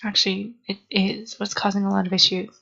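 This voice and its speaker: A young woman talks unscripted to her camera, earnest and a bit sleepy, stopping and restarting her thoughts. Her voice has a gravelly fry to it, and the recording sounds dull and muffled. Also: medium pitch, little pitch movement, sharp tone. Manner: earnest, halting, with frequent ums and restarts. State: sleepy, yawning. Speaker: vlogger. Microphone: camera mic.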